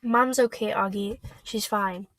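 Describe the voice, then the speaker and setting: A woman reading aloud, voicing a caring teenage older sister in a soft, steady tone. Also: mid-range voice, a little slow, no echo, low-quality recording. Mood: comforting.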